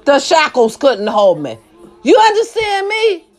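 A woman ranting to camera, blunt and profane, firing rhetorical questions and swinging between shouting and low muttered asides. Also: big pitch swings, a little slow, soft background music. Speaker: social media commentator. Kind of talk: impassioned rant to camera.

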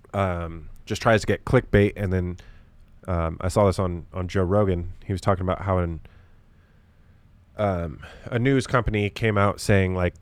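With a low-pitched, somewhat dark voice, a young man rambles profanely through his casual solo podcast, full of fillers. No room sound is audible.

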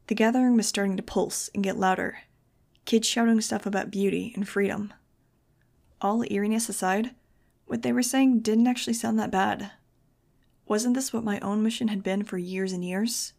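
A woman's voice: mid-range voice, steady tone, moderate pace, vocal fry, a little mellow. A woman reading a novel aloud in first person, with a wry, sarcastic delivery. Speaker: audiobook reader.

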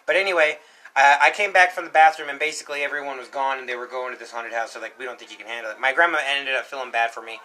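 A young man co-hosting a podcast, telling a story in a casual, animated way, acting out shouts and quotes. He coughs now and then. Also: medium pitch, quick pace, poor audio. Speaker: podcast co-host.

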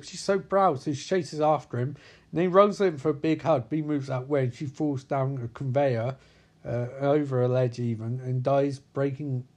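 A man giving a profane, sarcastic comedic recap of a film, slipping into quick quoted voices for its characters. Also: medium pitch.

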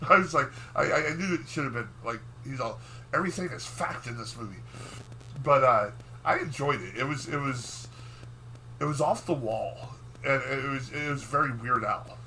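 A man's voice: medium pitch, moderate pace, pushed and bright, slight background noise, poor audio. A man co-hosting a podcast, rambling through a profane, filler-heavy recap in casual chat. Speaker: podcast co-host.

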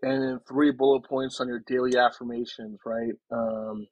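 A young man from New Jersey, talking casually as a podcast guest, in a relaxed and rambling way with frequent "man" and "right". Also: medium pitch, normal speed, dry recording, lo-fi sound. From New Jersey, United States. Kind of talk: casual conversation.

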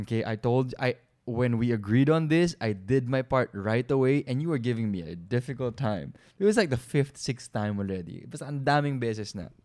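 A man with a Filipino accent, telling a story in a lively, casual chat and switching languages mid-sentence. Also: medium pitch, brisk, few pauses.

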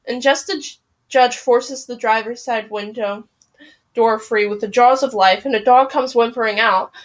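A woman with a fairly high voice reads a novel aloud for her podcast. Her first-person narration is emotional and expressive.

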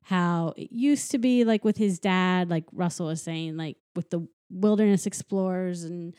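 Woman chatting about a movie, lots of giggles, warm mellow tone, dry close sound. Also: lowish voice, normal speed, clear, resonant tone, no echo. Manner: giggly, animated retelling with acted quotes. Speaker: podcast co-host recapping a film. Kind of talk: casual chat.

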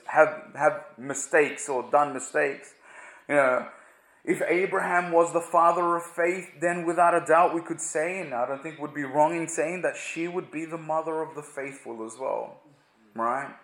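A man giving a conversational Bible teaching, often halting and repeating words with frequent "you know" fillers. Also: on the high side, fairly bright tone. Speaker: preacher. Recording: echoey room.

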